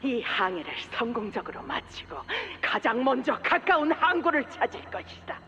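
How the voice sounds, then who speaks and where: Gravelly, fanatical whaling captain. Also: female voice, a little high, sing-song, rapid-fire, bright, forceful tone, muffled recording, exaggerated voice. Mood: grandiose. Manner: grandiose, theatrical declaiming. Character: zealous, unhinged female whaling captain, grandiose. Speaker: fanatical ship captain in a game. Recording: game audio with hall reverb and faint music.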